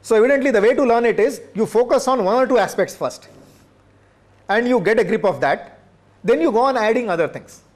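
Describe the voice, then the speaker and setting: A middle-aged man, a professor, giving a measured workshop lecture that is often broken by hesitation fillers. He checks in with listeners through short tag questions. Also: very high-pitched, expressive. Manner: measured, checks in with "right?" and "okay?".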